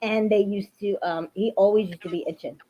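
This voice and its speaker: A woman's voice: medium pitch, fairly even intonation, fairly quick, mellow. A woman hosting casual reaction commentary, chatty and sarcastic. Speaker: commentary host. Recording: dull lo-fi audio.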